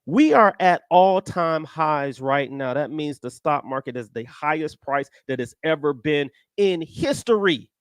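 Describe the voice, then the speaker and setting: An American man hosting a casual stock market chat show, talking emphatically, repeating himself and jumping into high-pitched outbursts. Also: expressive, moderate pace, dry recording, studio quality. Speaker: stock trading show host. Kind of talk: casual live-stream talk.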